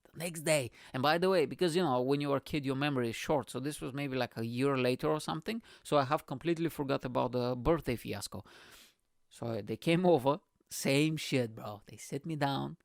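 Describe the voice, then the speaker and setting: A man's voice: medium pitch, fairly quick, creaky, no room sound. A man, full of swearing and asides to the listener. He laughs at his own tale as he goes. The recording is close and dry. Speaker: comedian and podcast host. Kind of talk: storytelling monologue.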